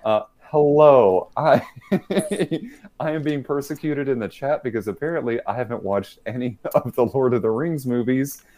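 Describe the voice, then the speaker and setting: A man's voice: mid-range voice, normal speed, a little mellow. A man hosting a podcast over a remote call, talking casually with laughs and fillers. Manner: giggly, rambling, fillers. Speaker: podcast host. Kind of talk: casual online show chat. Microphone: remote call mic.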